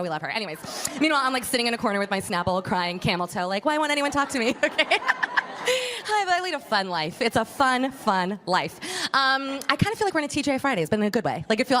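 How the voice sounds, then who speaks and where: A woman from Miami, likely in her thirties, doing a stand-up set. Her voice is bright and a touch high, and her talk runs fast and gossipy. She teases the crowd and breaks into laughs mid-line. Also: a little hiss or hum. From Miami, USA. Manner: chatty, gossipy, banters with the crowd. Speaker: stand-up comedian.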